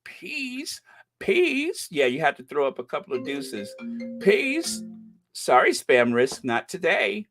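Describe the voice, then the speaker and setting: An American man hosting a casual livestream, chatting warmly with a caller and reading viewer comments aloud in a rambling way. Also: medium pitch, lively intonation, normal speed, few pauses, faint music behind. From United States. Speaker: livestream host.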